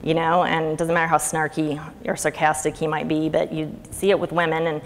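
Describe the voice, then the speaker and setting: A woman's voice: low voice, level tone, a little fast. A middle-aged woman giving a chatty, sarcastic conference talk in a lecture hall. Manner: chatty, sarcastic, laughs often. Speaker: conference speaker. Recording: reverberant hall with faint ambient noise.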